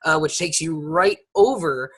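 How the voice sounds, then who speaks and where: A man's voice: a little high, measured pace, slightly rough. A man from the United States co-hosting a podcast, chatting casually with plenty of ums and restarts. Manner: chatty, many fillers and restarts. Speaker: podcast co-host. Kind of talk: casual chat.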